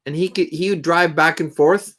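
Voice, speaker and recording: A man's voice: a little high, steady tone, normal speed, a bit bright. A middle-aged man hosting a live stream, chatting casually and rambling to viewers in a folksy way between songs. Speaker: live stream host and guitar player.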